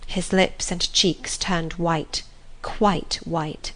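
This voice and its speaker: A woman narrating a classic novel in a calm, gentle manner. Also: on the low side, extremely slow. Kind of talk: scripted audiobook narration.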